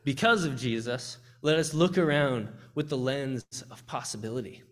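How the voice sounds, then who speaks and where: An earnest young man shares a testimony during a church service. He speaks from the heart at a middle pitch, often restarting his sentences as he goes. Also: moderate pace, fairly bright tone. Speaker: campus ministry speaker.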